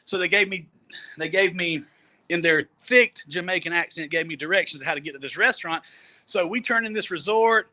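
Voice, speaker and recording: A man with a high, bright voice tells a long travel story in a loose, chatty way. He laughs easily and often repeats words as he goes. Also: fairly quick. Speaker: storyteller guest. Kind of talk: casual storytelling. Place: Jamaica.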